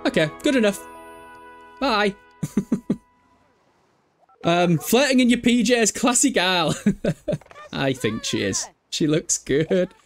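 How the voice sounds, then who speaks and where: A young man chats through a live game stream, swearing freely and laughing a lot. His fairly high voice swings up and down with animated energy. Faint music sits behind him. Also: slow, pauses often. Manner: chatty, sweary, laughs often, reads chat aloud. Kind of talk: casual live game commentary.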